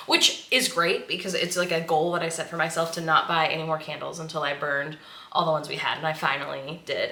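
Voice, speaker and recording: A chatty woman vlogger gushes and laughs her way through casual talk. Her voice sits a little low but rings bright and forceful. The room is echoey, with a faint hiss underneath. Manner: gushing, chatty, laughs often. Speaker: sewing vlogger. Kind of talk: casual vlog chat.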